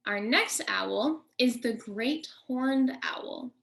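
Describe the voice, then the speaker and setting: A woman nature educator giving a children's lesson, talking slowly and in a friendly way to the kids. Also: a little high, expressive, creaky, fairly bright tone. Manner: friendly, slow, addressing kids directly.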